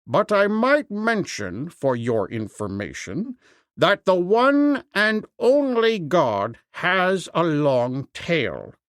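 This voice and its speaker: A boastful tribal warrior man, quick to bristle, with a lively rising and falling voice, as a male narrator reads him in a storybook. The delivery is slow and close, with no room sound. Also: high-pitched, no echo, exaggerated voice. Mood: defiant.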